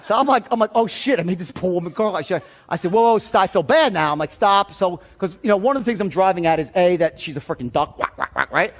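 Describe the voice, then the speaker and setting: Sales trainer, male, higher voice, acts out the story at full volume, lots of swearing. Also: quick pace, hardly any pauses. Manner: animated, profane, often shouting while acting out the story. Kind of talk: storytelling seminar talk.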